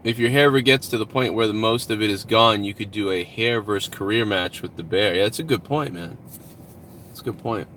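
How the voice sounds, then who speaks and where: A man's voice: fairly low pitch, brisk, bright, forceful tone, slight background noise. Profane, rambling man hosting a stream. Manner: rambling, profane, reads out donations. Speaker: live-stream host. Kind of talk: casual live-stream chat.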